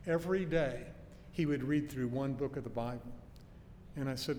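A man preaching an expository sermon, teaching earnestly with emphatic stresses and homely anecdotes. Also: moderate pace. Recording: long hall reverb with faint low rumble.

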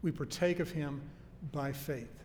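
Male preacher, earnest sermon, fairly high voice, long hall echo, faint hiss. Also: a little mellow. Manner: earnest, emphatic, slows down to stress key phrases.

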